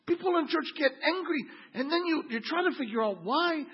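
A pastor in his fifties preaching a sermon, swinging from quiet asides to loud exclaiming. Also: extremely high pitch, lively intonation, brisk, highs cut off. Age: 50s.

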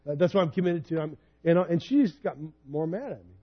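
Preaching at a fast clip, this fifty-something pastor has a fairly high voice, and the recording sounds muffled. He shares personal stories in a conversational way, becoming lively whenever he recounts events.

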